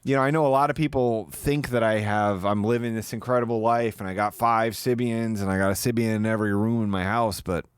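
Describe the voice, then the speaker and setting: A man's voice: fairly low pitch, fairly even intonation, a little fast, hardly any pauses, smooth, dry recording. A young adult man streaming live, casually commenting on a clip he's watching and mocking it with plenty of swearing. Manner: mocking, profane, mimics the clip.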